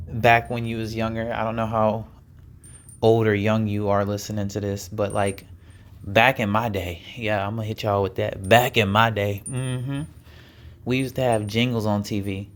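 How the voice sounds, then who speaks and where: A man hosting his own podcast in a casual, playful way, talking straight to his listeners with jokey asides. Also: fairly low pitch. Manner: jokey asides with laughs and sighs. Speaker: podcast host. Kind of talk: casual solo podcast chat.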